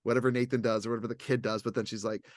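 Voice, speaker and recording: A man's voice: medium pitch, rapid-fire, dry recording. Guy co-hosting a chat, rambles a lot, does little voices for people, dry sound. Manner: animated, rambling, acts out others' lines. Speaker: podcast co-host. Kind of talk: casual chat.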